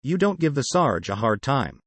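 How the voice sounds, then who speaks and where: A man reading an audiobook voices a gruff young male police officer, blunt and threatening. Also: mid-range voice, big pitch swings, moderate pace, fairly bright tone, no room sound.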